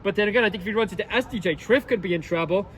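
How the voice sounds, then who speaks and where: A high-pitched man hosts his own channel and talks loosely through his picks, repeating lines and thinking aloud. Faint street traffic can be heard in the background. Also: rapid-fire, fairly bright tone. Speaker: esports YouTube host. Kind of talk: casual commentary and predictions.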